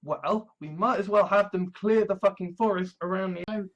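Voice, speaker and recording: A man's voice: high-pitched, normal speed. A man vlogging, rambling bluntly about politics and swearing freely. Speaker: video blogger. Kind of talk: profane ranting commentary.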